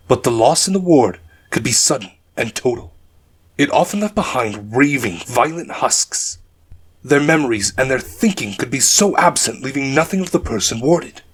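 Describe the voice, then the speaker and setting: A man narrating a dark fantasy audiobook in a measured storytelling manner. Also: medium pitch, slightly rough.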